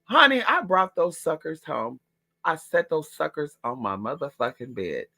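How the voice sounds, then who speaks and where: A man talking in a sassy, profane, animated way in a casual gossip monologue at home. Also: fairly high pitch, normal speed, creaky. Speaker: vlogger.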